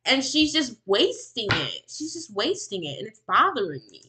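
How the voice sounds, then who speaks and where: A woman's voice: fairly high pitch, big pitch swings, moderate pace, bright, forceful tone. A woman livestreaming, ranting with exasperation while reacting to a clip of someone else. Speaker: commentary streamer reacting to a clip. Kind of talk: reaction commentary.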